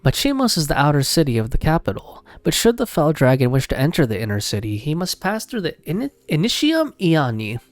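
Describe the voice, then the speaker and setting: A man voicing an old, formal male guide from an ancient underwater city, telling its history slowly and solemnly in a lowered voice. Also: wildly swooping pitch, no echo. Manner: low, slow, solemn storytelling.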